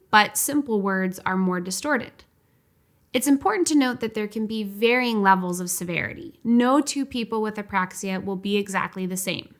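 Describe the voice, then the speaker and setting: Woman narrating a clear explainer. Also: medium pitch, fairly bright tone. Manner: clear, measured, instructive delivery. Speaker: educational narrator.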